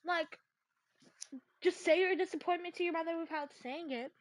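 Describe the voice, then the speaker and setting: Super high squeaky voiced girl ranting on her vlog, like like like, totally fed up. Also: normal speed. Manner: animated, exasperated ranting with constant "like" fillers. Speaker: vlogger.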